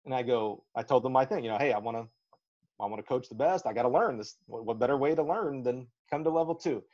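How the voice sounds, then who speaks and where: A man from Alabama, a track and field coach, telling animated, folksy stories in a podcast interview and acting out the lines he quotes. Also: medium pitch, fast talker. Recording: slightly dull lo-fi audio.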